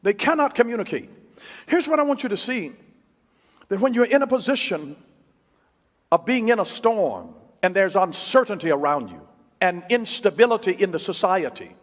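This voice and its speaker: Brief: male preacher, high and lively voice, emphatic repeats, long hall echo. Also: normal speed. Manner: emphatic, repeats key phrases, swings from loud to hushed. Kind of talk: sermon.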